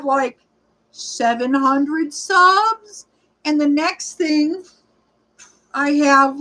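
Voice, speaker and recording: High, bright-pitched woman in her forties, rambling livestream host who greets chat by name and sometimes runs short of breath. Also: steady tone, takes it slowly, low-quality recording. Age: 40s. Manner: rambling, chatty, greets viewers by name, frequent fillers. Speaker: livestreaming rideshare vlogger. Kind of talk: casual livestream chat reading comments.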